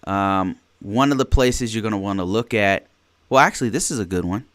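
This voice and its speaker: A man's voice: on the low side, fairly quick. A man hosting a live-streamed podcast, talking informally to viewers. He often restarts his sentences and keeps checking in with "right?". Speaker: podcast host. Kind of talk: live-streamed casual talk, reading viewer questions.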